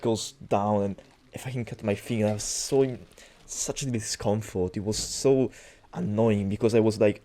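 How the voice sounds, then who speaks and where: A young man talks in a casual, rambling monologue, cursing freely and restarting his sentences. His voice sits a little low, and his storytelling wanders. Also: steady tone, moderate pace, few pauses, dark tone. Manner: rambling, profane, many restarts and fillers. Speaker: cooking vlogger.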